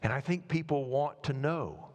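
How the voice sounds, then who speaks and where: A man preaching a sermon, earnest, building to emphatic repeated phrases and then slowing to quiet, weighty words. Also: on the high side, long reverb tail. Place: church sanctuary.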